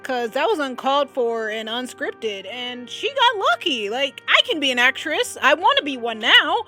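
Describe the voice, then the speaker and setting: Animated young woman reacting casually. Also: high voice, normal speed, soft background music. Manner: animated, exclamatory, chatty. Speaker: vlogger.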